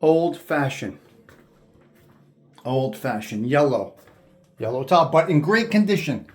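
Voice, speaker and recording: A man's voice: mid-range voice, big pitch swings, slow pace, darkish tone. A man hosting a walking tour of an old house, talking to viewers with admiration and repeating his words. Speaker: host giving a house tour. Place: inside an old house, walking between rooms.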